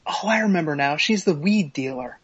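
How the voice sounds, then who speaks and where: A man's voice: on the high side, lively intonation, brisk, a bit bright, slightly rough. A man co-hosting a podcast, reading an email aloud with sarcastic, profane, mock-dramatic commentary. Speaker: podcast co-host. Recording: slightly dull lo-fi podcast audio.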